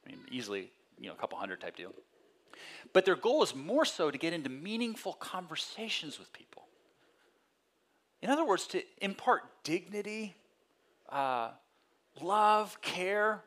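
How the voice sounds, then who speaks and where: A male pastor giving a conversational sermon, telling personal stories and acting out voices with lively energy. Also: high-pitched, normal speed, long pauses. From California. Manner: conversational storytelling with animated quoted voices.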